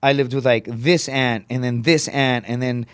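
A man, a comedian and former Marine, telling a rough story on a podcast in blunt, profane language. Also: mid-range voice, no echo, studio quality. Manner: profane, rapid, animated storytelling.

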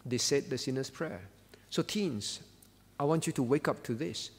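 A man's voice: medium pitch, normal speed, breathy edge, big-room sound. A man pastor preaching an earnest sermon, repeating words for emphasis.

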